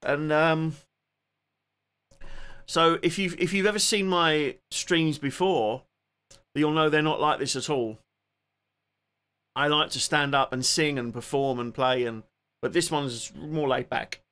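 A man with a Cockney accent hosts a laid-back live stream from home, sitting down rather than performing. His voice has a crisp, bright edge. He talks loosely and chattily, trailing off and picking up again as he thanks viewers one after another. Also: fairly high pitch, steady tone, slow pace, pauses often. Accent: Cockney English. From England. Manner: chatty, rambling, greets and thanks viewers by name. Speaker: music streamer. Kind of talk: casual live-stream chat.

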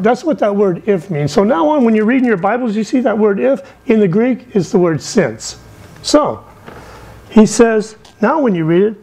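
A middle-aged man giving a lively sermon from the pulpit, telling stories with big swings in his voice. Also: rough recording. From England. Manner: animated, storytelling with wide swings in pitch. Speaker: missionary speaker.

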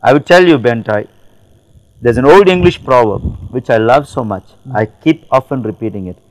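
A man's voice: medium pitch, moderate pace, a little mellow, rough recording. A man who is a pastor, giving emphatic testimony in an interview, repeating phrases and quoting scripture.

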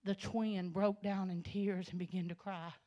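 A woman from Arkansas, telling her life story as a church sermon, storytelling that swells into loud, passionate preaching. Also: medium pitch, level tone, measured pace, muffled recording. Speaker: guest speaker giving testimony. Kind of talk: Pentecostal sermon testimony. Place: church sanctuary.

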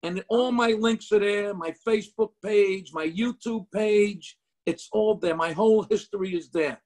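A middle-aged comedian with a New Jersey accent, talking bluntly and profanely in a casual interview over a video call. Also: male voice, high-pitched, a little slow, darkish tone. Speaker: comedian guest.

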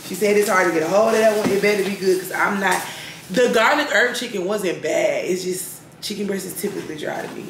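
A young woman vlogs from home, chatting casually and rambling to her viewers in a fairly quick, mid-range voice. The room is echoey, with clear background noise.

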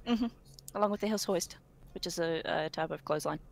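A woman's voice: fairly low pitch, a little fast, creaky. Laid-back Australian woman. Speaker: co-player on stream. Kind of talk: casual gaming chat.

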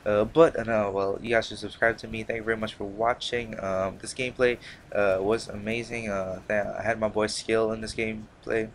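Young man, low voice, casual rambling gaming commentary, slangy, faint background hiss. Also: flat delivery, normal speed. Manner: rambling, slangy, with many fillers and restarts. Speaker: gaming channel host. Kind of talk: casual commentary over gameplay.

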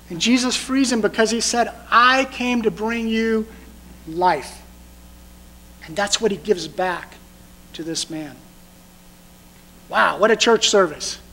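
A male pastor with a notably high, fairly bright voice preaches a sermon, conversational but emphatic, repeatedly firing rhetorical questions at the congregation. The audio quality is poor.

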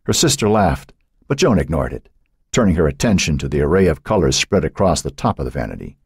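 Deep husky male audiobook narrator. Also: big pitch swings, darkish tone, dry recording, clean studio sound. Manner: dramatic, measured storytelling. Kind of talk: scripted narration.

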